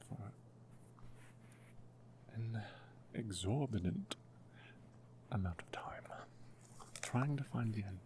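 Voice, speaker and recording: A man making his first ASMR video, talking in a soft, half-whispered voice that is hushed and self-mocking, and often apologizing. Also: mid-range voice, slight background noise. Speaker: ASMR creator.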